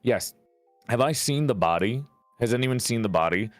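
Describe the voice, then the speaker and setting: A man's voice: mid-range voice, animated, normal speed, no echo, faint music behind. A man playing in a tabletop murder mystery, chatting casually and laughing at his own jokes. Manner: joking, chuckles at his own lines. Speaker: player. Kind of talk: casual chat about a tabletop game.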